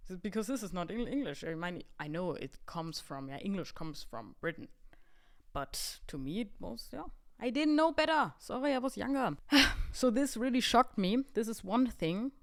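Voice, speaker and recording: Young woman podcast host in her twenties, casual storyteller, animated and self-deprecating, mid-range voice. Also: mid-range voice, moderate pace. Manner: chatty, animated, self-mocking.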